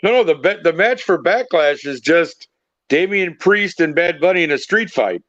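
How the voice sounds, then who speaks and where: Male co-host, fairly high voice, sure of himself, dull lo-fi recording. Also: expressive, a bit bright, no room sound. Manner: confident, quick to correct and explain. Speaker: podcast co-host. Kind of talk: casual wrestling chat.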